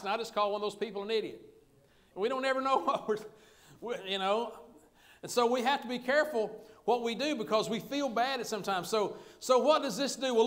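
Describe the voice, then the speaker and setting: A man's voice: extremely high pitch, fairly bright tone. A man pastor, preaching a sermon in a folksy, conversational way with humor.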